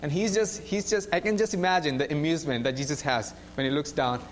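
A young man preaches in a relaxed, conversational way, retelling a Bible story with lots of "like" and "right?" tossed in. His voice sits a little high for a man. A faint hum runs underneath. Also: fast. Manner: animated storytelling with frequent "like" and "right?".

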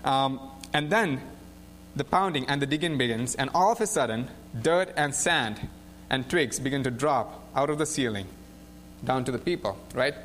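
A young man preaching in a casual, animated storytelling way, often saying "like" and "right?". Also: medium pitch, moderate pace, a little hiss or hum. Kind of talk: casual sermon retelling a Bible story.

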